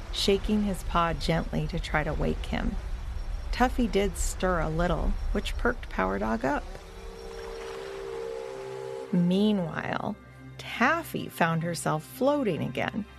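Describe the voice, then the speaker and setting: A woman hosting and narrating a children's story podcast in a gentle, deliberate way. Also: mid-range voice, creaky. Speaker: storyteller host.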